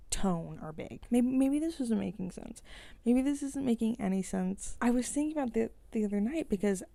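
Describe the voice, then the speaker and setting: A woman's voice: medium pitch, vocal fry, warm tone, dry recording. A young woman in a casual vlog, rambling with lots of "like" and exasperated rhetorical questions. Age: young adult. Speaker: vlogger. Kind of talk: casual vent to camera.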